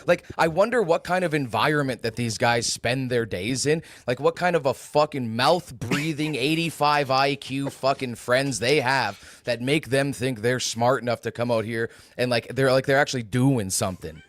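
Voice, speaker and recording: A man's voice: medium pitch, moderate pace, hardly any pauses, no echo. A man co-hosting a casual live stream, ranting with a profane, contemptuous manner.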